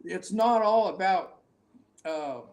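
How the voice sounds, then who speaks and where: An older man spinning a rambling hunting yarn, his voice sitting high. He restarts sentences often and laughs at his own stories. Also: expressive, slow pace, a little mellow. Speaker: hunting guide, guest. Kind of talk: casual storytelling interview.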